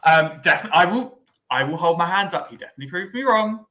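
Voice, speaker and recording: Bright-voiced male podcast co-host. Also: sits high, lively intonation, fast talker. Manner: conversational, thinks aloud with fillers. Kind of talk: casual recap chat.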